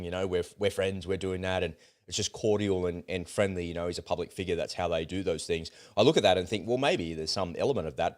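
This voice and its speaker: Deep-voiced man ranting. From Australia. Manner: blunt, swears, exasperated rants. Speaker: co-host. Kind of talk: casual political chat.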